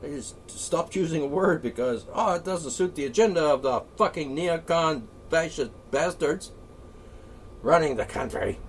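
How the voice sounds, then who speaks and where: A man ranting off the cuff, profane and rambling, with frequent asides and throat-clearing. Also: on the high side, normal speed. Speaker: political ranter. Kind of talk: off-the-cuff solo rant. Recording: voice a bit far from the mic, faint ambient noise.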